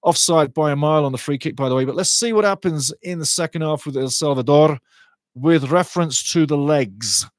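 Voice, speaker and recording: A man calling a match live as a fan, on the high side for a male voice and swinging from easy chat to heated outbursts over fouls. He is recorded on a dry, close mic with no room sound. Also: a little fast, no room sound. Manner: passionate, gets fired up over fouls; chats with viewers' comments. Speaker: watchalong commentator.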